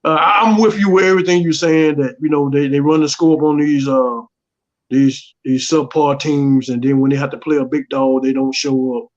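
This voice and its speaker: A man co-hosting a sports podcast, agreeing with halting speech and many restarts. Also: a little high, fairly even intonation, highs cut off. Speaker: podcast co-host. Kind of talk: sports talk.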